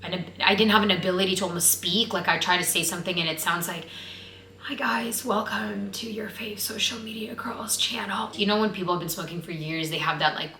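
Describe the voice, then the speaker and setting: A woman's voice: lowish voice, sharp tone. A young woman vlogging to camera in casual chat. She sounds nervous and open and says "like" a lot. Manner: nervous, open, heavy use of "like". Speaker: vlogger and actress. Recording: roomy echo.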